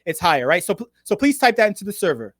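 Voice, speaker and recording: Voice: medium pitch, sing-song, fast, dry recording, studio quality. A game show host running a live online contest, playful and teasing, swearing freely and stalling by drawing words out.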